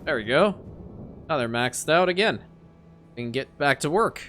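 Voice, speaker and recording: A man narrates his strategy game in a casual let's-play style, his voice bright and ringing. He mutters along as he plays and talks straight to the game. Now and then he blows up into loud, exasperated rants. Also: a little high, expressive, normal speed. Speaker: gameplay commentator.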